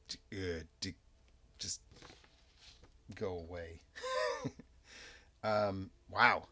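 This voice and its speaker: A man narrating a solo tabletop game as game master, in a relaxed, rambling, self-amused way. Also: deep voice, creaky. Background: soft background music.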